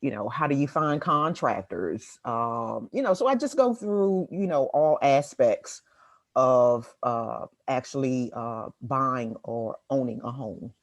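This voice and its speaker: Middle-aged woman from Washington, D.C., unhurried delivery, chuckles often, dry close sound. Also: extremely low pitch, animated, no room sound. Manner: laughs often, halting with fillers. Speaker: guest writer and real estate agent. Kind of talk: casual interview conversation.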